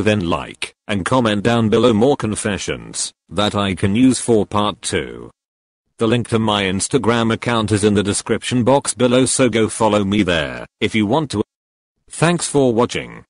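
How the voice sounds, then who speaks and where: A male text-to-speech voice reading and reacting to fan confessions, with an emotionless, flat manner. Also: fairly low pitch, normal speed, no echo. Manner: emotionless, flat synthetic delivery.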